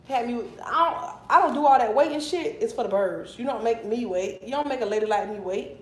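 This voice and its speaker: A young woman in her twenties telling a long story to her viewers in a casual, animated and profane way. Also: fairly high pitch, normal speed, roomy sound, poor audio. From Miami, Florida. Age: 20s. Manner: animated and profane, flaring into mock anger.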